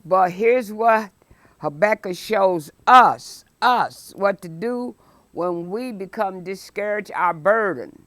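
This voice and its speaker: Slow, emphatic woman preaching. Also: medium pitch, dry recording. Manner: emphatic, rises to shouted exclamations; slow, deliberate phrasing. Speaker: Sunday school teacher. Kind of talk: preaching a Bible lesson.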